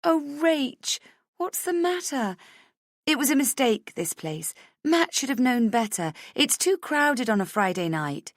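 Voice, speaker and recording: A woman's voice: sits high, very animated, unhurried, no room sound, clean studio sound, voice pushed up. A woman voicing a motherly young female friend who soothes with pet names in an audiobook. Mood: soothing. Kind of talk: audiobook character voice.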